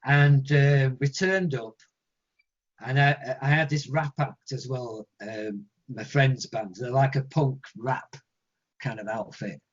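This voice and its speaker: A man with an English accent, a guest musician telling stories in an interview, animated and acting out other people's voices. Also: mid-range voice, slow pace. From England. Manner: animated storyteller, acts out quoted voices. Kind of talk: storytelling interview answers. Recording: lo-fi muffled audio.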